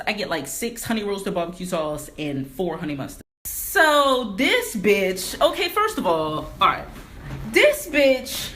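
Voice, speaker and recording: A woman's voice: mid-range voice, slight background noise. A young adult woman telling a story in a casual vlog at home, ranting emphatically with lots of swearing. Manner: animated, profane, emphatic ranting. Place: home game room.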